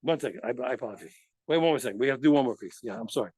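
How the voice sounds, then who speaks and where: A man teaching a daily Talmud study lesson in an animated way, asking himself rhetorical questions and answering them, and often stopping to correct himself. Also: medium pitch, very fast, breathy edge, no echo. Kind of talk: daf yomi study lesson.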